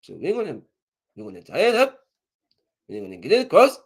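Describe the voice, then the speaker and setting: Man doing a laid-back scheming dude, put-on Mexican accent, relaxed lilting delivery. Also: on the high side, a little fast, husky, voice pushed up, exaggerated voice.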